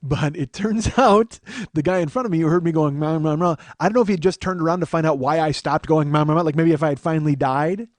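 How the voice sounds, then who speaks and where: A man's voice: a little high, fast, no echo. Comedian host, middle-aged man, exasperated profane storyteller, bone-dry mic. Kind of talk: storytelling monologue.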